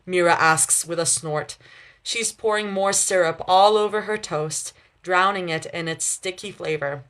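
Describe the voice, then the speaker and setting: A woman's voice: on the low side, unhurried, fairly bright tone. A young woman reading her fan fiction aloud on a livestream, chatty, stopping to laugh and correct herself.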